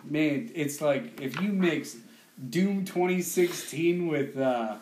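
A man co-hosting a podcast in casual chat, excitable and swearing freely. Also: on the high side, takes it slowly. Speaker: podcast co-host. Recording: echoey room.

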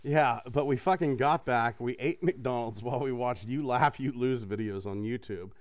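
A man's voice: medium pitch, moderate pace, dry recording. A man hosting a casual chat, swearing freely and laughing as he tells stories. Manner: profane, laughing, animated storytelling.

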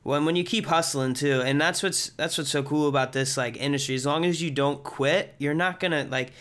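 A man's voice: fairly high pitch, a little fast, fairly bright tone. A young man hosting a podcast interview, upbeat and encouraging, calling his guest dude. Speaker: podcast host. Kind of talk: casual interview chat.

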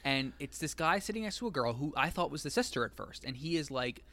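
A man's voice: on the high side, expressive, fast talker, a bit bright. A man in casual chat, recapping a film in a rambling way, laughing often and acting out quoted lines.

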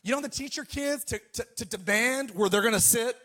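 A male pastor in middle age delivers a sermon in a high, bright-sitting voice. He tells family stories with lively energy and keeps drawing the congregation in with calls to respond. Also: brisk. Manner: animated storytelling, calls to the congregation.

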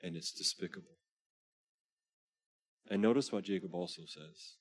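A man's voice: sits low, normal speed, long pauses, slightly rough, no room sound. A man preaching a sermon as pastor, urging his listeners earnestly and reading scripture aloud with rising emphasis. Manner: earnest exhortation.

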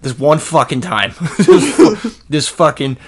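Man doing a crude bragging male veteran, New York accent, high strained loud voice, jeering. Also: big pitch swings, measured pace, a loud crowd. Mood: boastful jeering. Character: crude boastful male war veteran cousin.

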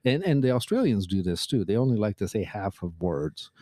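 This podcast co-host has a mellow, low-leaning voice with a sing-song, brisk delivery, chatting and telling stories while laughing often. It's studio quality with no room sound.

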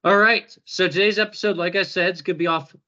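A man's voice: high-pitched, fairly even intonation, fast talker, sharp tone, lo-fi sound. A man hosting a podcast in casual chat, joking and laughing often as he talks. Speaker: podcast host.

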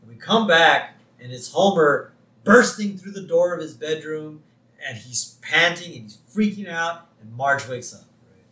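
A man's voice: fairly high pitch, expressive, measured pace, pushed and bright, far from the mic. A man co-hosting a podcast, enthusiastically recapping a cartoon episode and laughing often. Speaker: podcast co-host. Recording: echoey room, set back from the mic.

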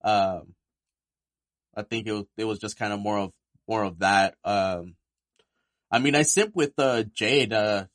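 A man telling stories in a casual chat, animated and swearing freely. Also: fairly low pitch, measured pace, long pauses, dry recording, clean studio sound.

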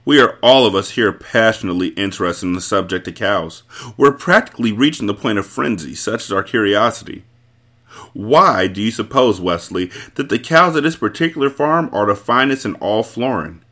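A man's voice: lowish voice, animated, normal speed, bright, forceful tone. A man reading aloud, voicing a haughty, seductive countess with a teasing, languid drawl.

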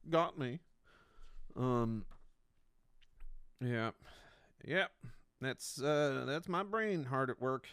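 Comedian guy rambling solo into the mic, self-mocking, lots of false starts, smooth clear voice, super dry room. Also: medium pitch, animated, drawn-out words, pauses often, fairly bright tone, no room sound. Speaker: comedian, podcast host. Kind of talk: solo rambling podcast monologue.

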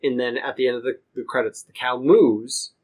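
A man's voice: mid-range voice, steady tone, normal speed, darkish tone, low-quality recording. A man co-hosting a casual video game podcast, joking and exasperated, laughing often. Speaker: podcast co-host. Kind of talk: casual game review chat.

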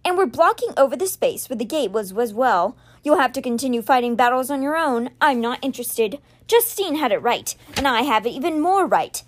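A woman voicing a cold, sneering young male high priest who talks down to his brother. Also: lively intonation, brisk, few pauses. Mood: scornful. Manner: sneering and cool.

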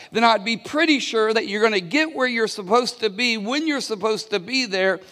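A man's voice: sits high, fairly bright tone. A man preaching a sermon as pastor, telling a story and calling on the congregation to answer back, often restarting his words. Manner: storytelling with call-and-response to the congregation; many restarts and repeated words. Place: church hall. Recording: long reverb of a large hall.

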